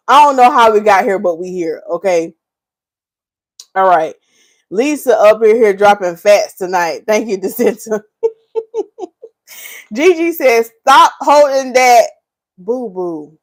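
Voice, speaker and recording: A woman hosting a relaxed hair care livestream from North Carolina reads viewers' remarks aloud and teases them amid lots of laughter. Her medium-pitched voice is unhurried with frequent pauses, and she talks animatedly in Southern Black vernacular.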